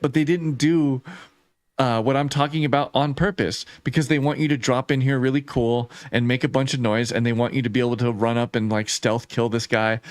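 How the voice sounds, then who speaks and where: A man hosting a casual gaming live stream, chatty and excitable, laughing often and reading chat messages aloud. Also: medium pitch, dry recording. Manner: swears casually, lots of "like".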